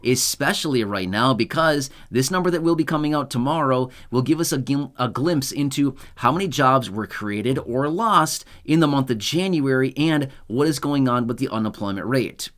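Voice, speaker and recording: A man's voice: mid-range voice, animated, moderate pace, hardly any pauses, a bit bright. A man hosting his own channel, explaining payment dates in a chatty way, with sarcastic asides and frequent tag questions. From United States. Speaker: channel host. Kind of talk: casual explainer monologue.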